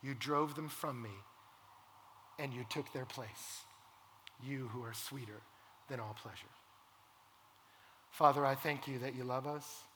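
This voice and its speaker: A young adult man preaching a sermon, dropping to near-whispers and then building to loud, passionate crescendos. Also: mid-range voice, long reverb tail, slight background noise. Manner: swings from hushed intimacy to loud impassioned crescendos. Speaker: pastor.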